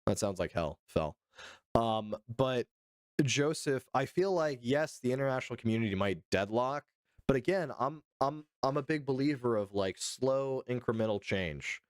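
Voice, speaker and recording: Smooth-voiced joking streamer guy. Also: mid-range voice, animated, moderate pace, dry recording, studio quality. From United States. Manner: profane, joking, answers chat. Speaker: live streamer. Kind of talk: casual live-stream chat.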